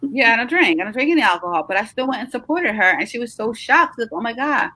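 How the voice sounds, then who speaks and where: A woman's voice: on the high side, lively intonation, quick pace, sharp tone, dry recording. A middle-aged woman runs a casual live chat in a chatty, encouraging way, stretching words for emphasis. She sounds tired. Her voice is dry and close, with no room around it. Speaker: host, travel agency owner.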